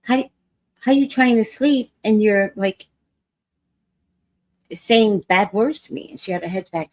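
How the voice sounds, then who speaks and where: A woman hosting a casual livestream, telling an animated story and acting out other people's lines in voices. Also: medium pitch, unhurried, pauses often, dry recording. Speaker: vlog host.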